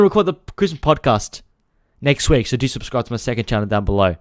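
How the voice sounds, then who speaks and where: A man hosting a football live stream, complaining to his viewers and swearing freely as he rants. His pitch swings widely, rising and falling with each complaint. The sound is close and dry, with no room echo. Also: sing-song, fast talker. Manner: frustrated, talks to viewers directly. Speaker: football channel host. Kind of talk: casual live-stream chat.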